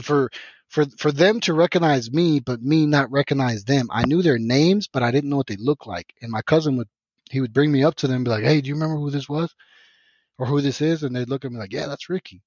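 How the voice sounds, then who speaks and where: A man's voice: medium pitch, dry recording. Podcast guest, man from Mexico, loose and profane storyteller, dry lo-fi podcast audio. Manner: profane, rambling, animated retelling with many restarts. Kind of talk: casual storytelling.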